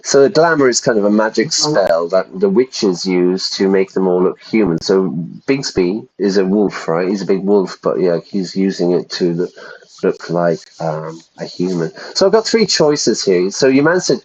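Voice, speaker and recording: A man's voice: deep voice, animated, moderate pace, a little mellow. A man who teaches English, playing a game on stream and chatting casually as he explains words for learners. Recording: dull, lo-fi sound.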